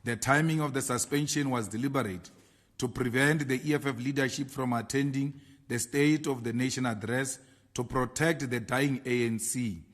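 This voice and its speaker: Casting note: South African male politician, mid-pitched, reads his statement in a measured, emphatic way. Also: a bit bright. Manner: slow, emphatic delivery of lists. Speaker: party leader.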